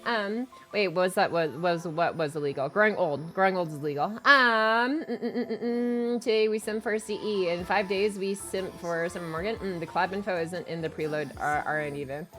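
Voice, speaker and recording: A young woman with a slightly low voice chats casually on a live stream, full of filler words and restarts. She sometimes jumps into loud, excited squeals. Soft game music plays faintly behind her. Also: moderate pace, hardly any pauses. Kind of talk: casual chat reading stream chat.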